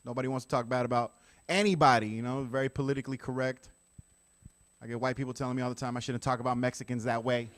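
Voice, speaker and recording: A man doing a conversational stand-up routine with deadpan asides to the audience. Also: medium pitch, quick pace. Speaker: stand-up comedian.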